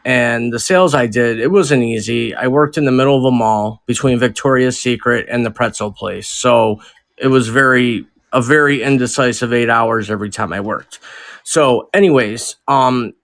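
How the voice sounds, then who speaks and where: Man telling a quick anecdote. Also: mid-range voice, fairly bright tone. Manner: quick, anecdotal, self-amused. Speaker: participant. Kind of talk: casual storytelling on a call.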